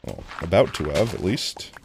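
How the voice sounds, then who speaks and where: A man streams a video game live, talking casually with his viewers and now and then bursting into mock-dramatic outbursts. His voice is low, with vocal fry and a moderate pace, and there's background noise. He's animated and keeps addressing the chat.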